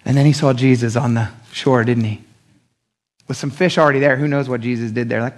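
A man's voice: mid-range voice, fairly even intonation, a little fast. A man preaching a Sunday sermon in a casual, slangy way, often acting out what people in the story said. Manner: casual, slangy preaching that acts out quoted speech. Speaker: pastor.

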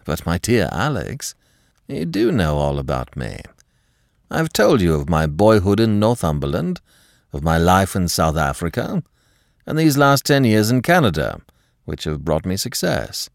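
Secretive husband in a storybook reading, deep and grave, dry close sound, as the narrator plays him. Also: male voice, very animated, vocal fry, no room sound, heavily acted. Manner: grave, low, deliberate. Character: husband, smooth-talking, secretive, quick to anger. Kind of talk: audiobook character reading.

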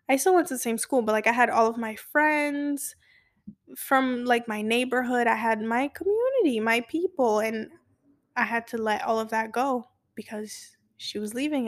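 A young woman hosting a podcast, rambling confessionally through a personal story with many fillers, soft-spoken and slipping into whispers. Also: fairly high pitch. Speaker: podcast host.

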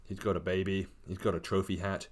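A man's voice: low voice, level tone, brisk. A man narrating a comic story with wry, casual asides.

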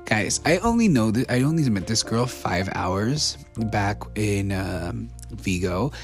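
A man's voice: lowish voice, lively intonation, slow pace, faint music behind. Rambling young American man telling stories. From United States. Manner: rambling, lots of fillers and restarts, laughs often. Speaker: storyteller. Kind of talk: casual storytelling to camera.

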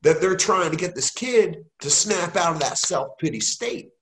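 A man who coaches youth football, telling stories in casual conversation with animated swings in his voice. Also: normal speed, slight background noise. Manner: animated, jumps in pitch when telling a story. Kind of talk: casual conversation, anecdotal storytelling. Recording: echoey room.

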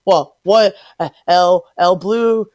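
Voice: mid-range voice, slow pace, a little mellow, no echo, dull audio. Playful podcast co-host in casual chat. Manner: playful, exaggerated reactions.

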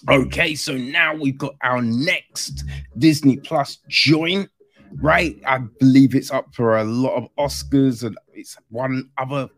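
A man's voice: medium pitch, fairly even intonation, takes it slowly, fairly bright tone, no echo. A man chatting casually through a film review, rambling and often tossing in "right?" as an aside.

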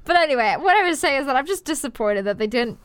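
Brief: young woman, very high voice, dry close sound, reads aloud and jokes. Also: lively intonation, fast talker, a bit bright, no echo. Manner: giggly, self-deprecating asides. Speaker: video host reading fan fiction. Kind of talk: comedic reading with commentary.

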